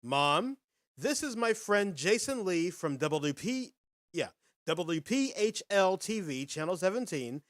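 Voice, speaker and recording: A man hosting a casual live podcast, chatting with viewers in a folksy, animated way and reading quiz questions. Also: high-pitched, slow. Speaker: podcast host.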